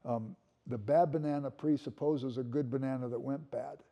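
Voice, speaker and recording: A man's voice: mid-range voice, fairly even intonation, moderate pace, lo-fi sound. An older man giving a conversational classroom lecture, musing aloud and repeating words as he restarts.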